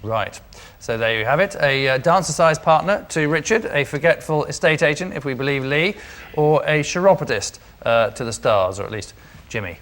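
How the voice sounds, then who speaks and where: A man's voice: a little high, lively intonation, normal speed, fairly bright tone. A man hosting a comedy panel show, reading out facts and wry quips. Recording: TV studio with audience.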